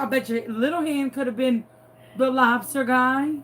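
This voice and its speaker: A woman's voice: high voice, moderate pace, a bit bright. A woman from New Orleans with a Southern accent, telling a playful, dramatic story as she crafts. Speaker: crafting vlogger. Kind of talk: chatty storytelling while crafting.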